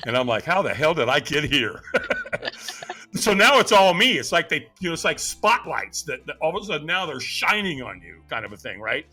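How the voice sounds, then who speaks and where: Lively, bright-voiced male storyteller. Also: on the high side, normal speed, husky, soft background music. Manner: dramatic storyteller who acts out quoted voices. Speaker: podcast guest. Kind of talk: animated personal storytelling.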